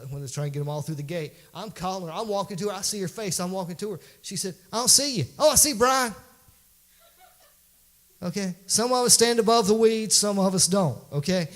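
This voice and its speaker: A man's voice: medium pitch, darkish tone. A man, a pastor preaching a folksy, conversational sermon in a church that builds to emphatic peaks.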